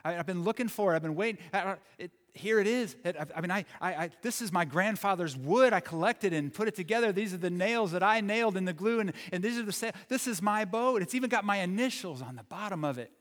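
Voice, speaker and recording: A man's voice: high voice, animated, quick pace, hardly any pauses, fairly bright tone, pitched above the performer's own voice. Man as stammering little boy, earnest, pleading, big reverberant hall. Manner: stammering, insistent.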